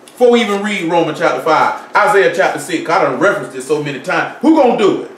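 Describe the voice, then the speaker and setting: A man's voice: high voice, lively intonation, fast, a bit bright, slight background noise. A man preaching a sermon in a casual, conversational way, asking his listeners rhetorical questions and reading scripture aloud. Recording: echoey room, mic at a distance.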